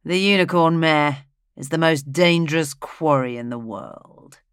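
A man's voice: a little high, measured pace, fairly bright tone, clean tone, dry recording, studio quality. A storybook reader voicing a proud aging nobleman and hunter who speaks bluntly and firmly. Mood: dry.

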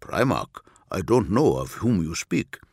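An earnest, dutiful male aide, voiced by a male narrator, formal and respectful toward his lord. The voice stays low and measured. It is recorded dry and close. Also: big pitch swings, creaky, darkish tone, slightly rough, no echo, exaggerated voice.

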